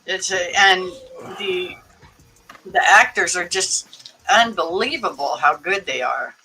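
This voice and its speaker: A man's voice: high-pitched, takes it slowly, gravelly, pushed and bright, slight background noise, poor audio. A man chatting casually, enthusiastic and agreeable. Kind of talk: casual chat.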